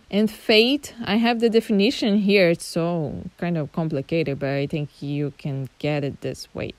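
A young Brazilian woman with a Brazilian accent, hosting a casual teaching podcast, chatty, laughing often and spelling words out slowly. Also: mid-range voice, a little mellow, clear, resonant tone, no echo. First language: Portuguese. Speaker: podcast host.

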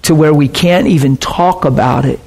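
Husky guy giving an intense sermon, tells a story back and forth with lots of quoted dialogue. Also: on the high side, normal speed, darkish tone.

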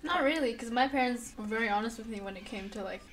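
A young woman with a croaky voice co-hosting a podcast, relaxed and hedging with fillers. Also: on the high side, fast talker, a little hiss or hum. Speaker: podcast co-host. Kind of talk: casual chat.

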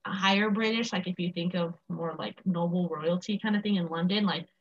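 A woman's voice: on the low side, steady tone, a little fast. A teenage American girl chatting casually, rambling and restarting her sentences often. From United States. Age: teens. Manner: rambling, many restarts and fillers. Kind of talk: casual chat. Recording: dull lo-fi sound.

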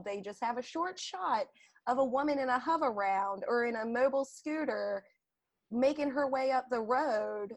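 A woman co-hosting a casual podcast, reacting to a TV show with enthusiastic jokes. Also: fairly high pitch. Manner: enthusiastic, joking, animated reactions. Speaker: podcast co-host. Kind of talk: casual chat recapping a TV show.

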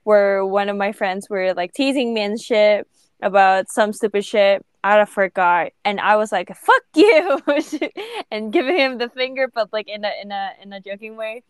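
A woman's voice: mid-range voice, steady tone, normal speed, clear, resonant tone, no echo, clean studio sound. A woman in her twenties from the Philippines, co-hosting a podcast in casual, candid chat, swearing freely and laughing often. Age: 20s. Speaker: podcast co-host.

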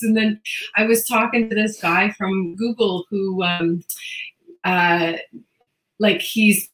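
A woman's voice: medium pitch, fairly even intonation, measured pace, a bit bright. Canadian woman telling stories, roomy sound. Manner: storytelling, quotes people with playful voices. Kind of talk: casual chat.

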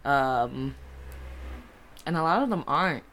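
A young woman co-hosts a casual chat podcast. Her voice sits low, and she rambles in a loose, joking way with casual swearing. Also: animated, slow, fairly bright tone. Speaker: podcast co-host.

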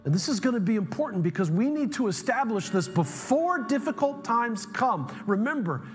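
A man preaching a sermon as pastor, animated and emphatic, telling humorous stories to make a point. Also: very high-pitched, normal speed. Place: church sanctuary. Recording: long hall reverb, faint music.

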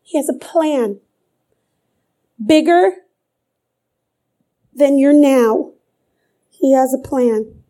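A woman's voice: high voice, drawn-out words, long pauses, dark tone. A middle-aged woman preaching a sermon with fervor, repeating phrases for emphasis.

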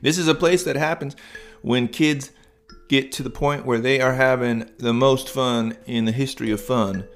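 Dad making up a bedtime story, relaxed, kinda rambly, mid pitch. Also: male voice, normal speed, soft background music. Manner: relaxed, improvised, with restarts. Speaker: storyteller and podcast host.

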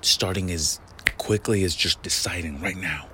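Brief: deep-voiced man, slow, emphatic motivational vlogger recorded outdoors over noisy ambience. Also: sharp tone. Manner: emphatic, preachy, swears, drops into dramatic whispers. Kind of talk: hyped daily motivational briefing. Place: outdoors in cold weather.

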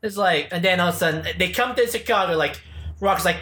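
Guy on a podcast, high bright voice, kinda echoey room, animated and swearing a lot. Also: quick pace. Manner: animated, profane movie recap. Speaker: podcast host. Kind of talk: casual chat.

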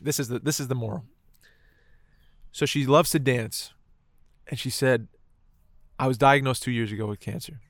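A man's voice: mid-range voice, normal speed, pauses often, dry recording, studio quality. A man telling a moving personal story in casual conversation, swearing often and filling his talk with "like" and "right". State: choked up.

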